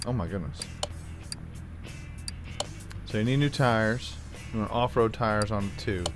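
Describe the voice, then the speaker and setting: Brief: lower-voiced male gaming host, chatty play-along talk, slightly sore throat, quiet music underneath. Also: moderate pace. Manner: rambling, chatty, thinking aloud. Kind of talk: casual gameplay commentary.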